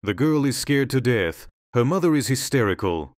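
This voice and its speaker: Man doing a calm, kind doctor. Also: medium pitch, moderate pace, no room sound, clean studio sound, lightly acted. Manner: calm, reassuring.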